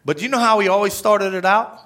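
Preacher guy, high bright voice, chatty energetic sermon. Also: quick pace. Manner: energetic, conversational, tag questions. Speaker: pastor.

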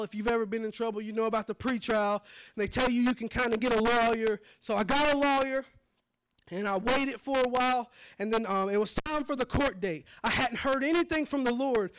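A man preaching his testimony, telling it dramatically and swinging from hushed low moments to shouts. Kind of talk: testimony sermon.

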